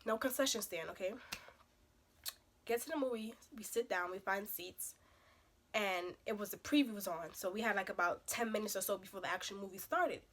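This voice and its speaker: Slightly hoarse young woman telling a story. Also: mid-range voice, normal speed. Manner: animated, emphatic storytelling with sudden loud outbursts. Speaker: vlogger. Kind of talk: casual storytime vlog.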